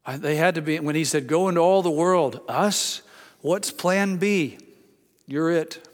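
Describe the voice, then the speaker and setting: A male pastor preaching a sermon, emphatic, rising to loud exclamations and dropping low. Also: measured pace. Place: church sanctuary. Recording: church hall with long reverb.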